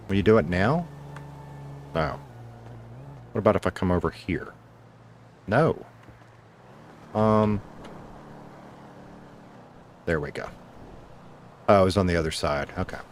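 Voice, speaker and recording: This man's voice sits low and is expressive, with a slow pace, frequent pauses and a bit of background noise. While playing a game on stream, he chats casually and rambles, alternating between muttering to himself and saying hello to chat.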